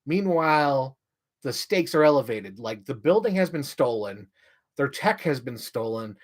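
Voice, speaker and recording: A young man ranting casually on a livestream, rambling with lots of "like" and jumping up in pitch when he gets excited. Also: a little slow. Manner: rambling, heavy use of "like", restarts mid-sentence; animated, voice jumps up when excited.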